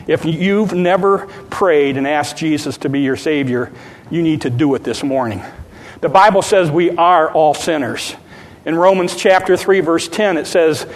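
A man preaching as a pastor, retelling a story and building to fervent preaching. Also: moderate pace. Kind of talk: sermon. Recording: long hall reverb, faint rumble.

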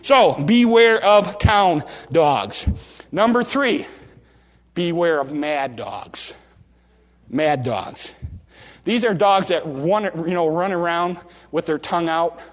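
A man preaching a sermon from the pulpit in a folksy, animated way, often restarting phrases and slowing down for drama. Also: on the high side. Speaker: pastor. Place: church sanctuary. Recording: long reverb of a large hall.

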